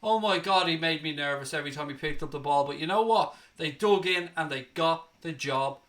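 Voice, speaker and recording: A young man hosting a football reaction show, excitable and out of breath, calling out to his viewers as ladies and gentlemen. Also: fairly high pitch, brisk. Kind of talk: energetic post-match reaction.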